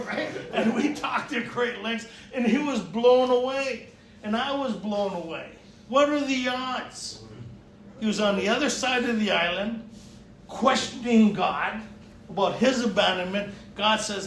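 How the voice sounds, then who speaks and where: A man's voice: high voice, unhurried, noisy background. A man speaking at a recovery retreat, telling a personal testimony and acting out the dialogue, often laughing. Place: retreat meeting room. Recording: echoey room, mic far off.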